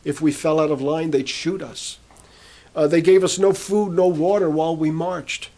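A man's voice: fairly high pitch, fairly even intonation, moderate pace, a little mellow. A man preaching, retelling a prisoner's conversion story and quoting the people in it. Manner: retells a testimony, quoting speakers in turn. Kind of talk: sermon storytelling.

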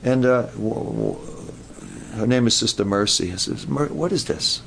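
A man's voice: medium pitch, animated, moderate pace, vocal fry, fairly bright tone, slight background noise. A man preaching a sermon at a camp meeting, earnest and given to repeating his words.

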